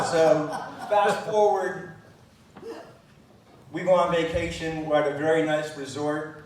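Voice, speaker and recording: A middle-aged man speaking at a memorial gathering, reminiscing with frequent pauses and fillers. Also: fairly high pitch, fairly even intonation, crowd noise. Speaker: eulogy speaker. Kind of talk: memorial speech. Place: large room at a gathering. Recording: distant mic in echoey room.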